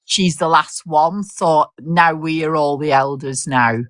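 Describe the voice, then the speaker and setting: A woman's voice: low-pitched, unhurried, fairly bright tone, no echo, studio quality. An older woman, telling a long story in casual chat, swearing mildly and laughing often. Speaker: host.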